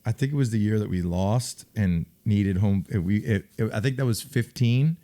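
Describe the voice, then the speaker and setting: A middle-aged man, a former football player, co-hosting a casual sports podcast and telling animated stories. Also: lowish voice, normal speed. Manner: animated storyteller, acts out loud shouted quotes. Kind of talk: casual sports chat and storytelling.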